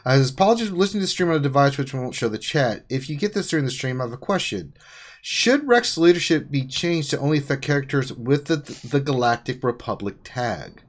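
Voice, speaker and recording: A man's voice: medium pitch, fast talker. Guy hosting a live game q&a on a call, teasing, jumpy delivery. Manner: teasing, animated, jumps between joking and reading questions. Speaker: host of a live Q&A stream. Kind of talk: casual group chat on a call.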